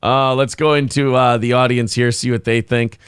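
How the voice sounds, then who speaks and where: A man's voice: mid-range voice, little pitch movement, moderate pace, smooth, dry recording, clean studio sound. A man co-hosting a casual talk show, laughing often and swearing freely as he talks. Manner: laughing, profane banter. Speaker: co-host. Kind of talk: casual chat.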